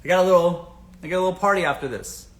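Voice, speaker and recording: Rapid-fire and bright, with a voice that sits high, a Southern American man runs a laid-back livestream full of blunt dating advice. He swears without restraint and keeps asking his viewers rhetorical questions.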